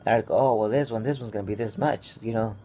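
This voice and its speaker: A man's voice: lowish voice, quick pace, warm tone, a little hiss or hum. Rambling, stressed young man telling his story. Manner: rambling and restless, many fillers and restarts. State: stressed and upset. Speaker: vlogger. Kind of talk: casual personal vlog story.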